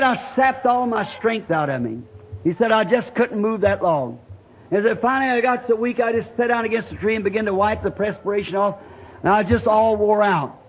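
A man preaching a revival sermon, telling a folksy story in plain rural speech and building to shouting climaxes. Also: sits high, husky. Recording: dull lo-fi archival tape with faint hiss.

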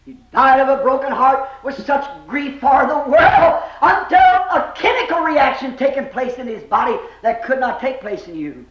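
High-pitched man preaching in an echoey church. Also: animated, normal speed, hardly any pauses. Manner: impassioned, swinging from shouts to hushed low lines. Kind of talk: fervent revival sermon. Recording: echoey, dull old sermon recording.

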